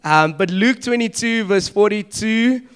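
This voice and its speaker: With a smooth, fairly high voice, a young man delivers a sermon in a loose, conversational way. He acts out quick exchanges, adds asides with animation, and checks in with his listeners as he goes.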